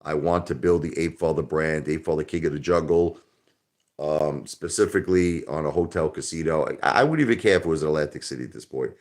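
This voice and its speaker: Deep voiced new guy on a live stream, rambly, jokey, loud one minute then quiet. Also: brisk. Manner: loud, joking, rambling, swings into soft somber tones. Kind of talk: casual live-stream chat.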